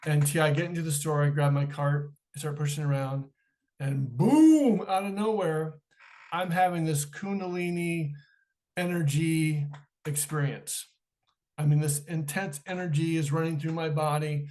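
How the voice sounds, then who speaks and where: A man's voice: a little high, normal speed, a little mellow. A middle-aged man, a podcast guest, telling a personal story in an interview and acting out the dialogue in it.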